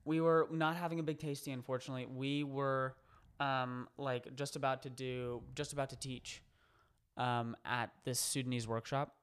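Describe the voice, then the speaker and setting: A man's voice: mid-range voice, steady tone, moderate pace, fairly bright tone, smooth. A man in casual podcast chat, telling a rambling anecdote with many fillers and restarts.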